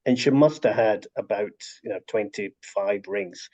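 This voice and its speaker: An author and story collector with a fairly low, slightly slow voice tells stories warmly over a casual video call, restarting often. The call audio is dull and lo-fi.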